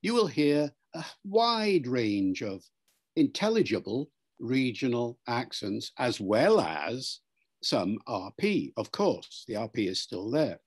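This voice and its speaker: Being interviewed, this older linguist explains things patiently in a husky voice with lively pitch. His delivery is measured and lecturing, and he spells out words and shows their pronunciations.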